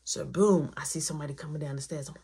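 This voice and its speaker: A woman telling a personal story in a storytime vlog, animated and acting out every voice. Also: low voice, fast, husky.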